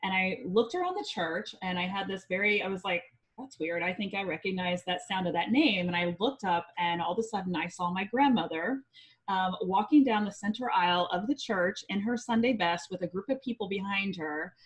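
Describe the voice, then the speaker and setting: A woman from Indiana, a psychic medium guest on a podcast, telling a personal story in a chatty, lively way with frequent ums. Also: medium pitch, fairly quick, low-quality recording.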